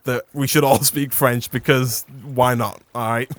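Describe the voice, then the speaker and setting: A man's voice: mid-range voice, fairly even intonation, a little slow, no echo. A young English man hosting a casual gaming chat who rambles into playful rants and laughs often. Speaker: gaming channel host.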